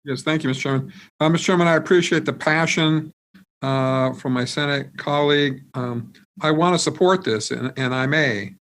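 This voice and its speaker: A man, a state senator, speaking remotely in a floor debate, measured and hesitant with many fillers and restarts. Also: fairly high pitch, fairly bright tone. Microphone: remote video call.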